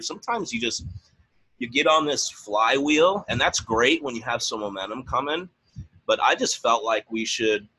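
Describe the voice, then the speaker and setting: A man co-hosting a motivational team call, animated, with his pitch leaping up when he gets excited. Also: husky, low-quality recording. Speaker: coach and co-host.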